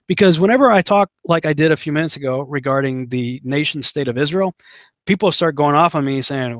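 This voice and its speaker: A man's voice: on the high side, fairly quick, no room sound, clean studio sound. A man teaching a house-church sermon in a casual, chatty way, mixing storytelling with scripture readings. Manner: conversational, with many fillers and restarts, reads scripture aloud. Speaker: Bible teacher.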